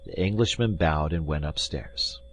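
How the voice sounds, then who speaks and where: A man reading a classic adventure novel aloud as an expressive audiobook narrator. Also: extremely low pitch, moderate pace. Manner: expressive storytelling. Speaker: audiobook reader.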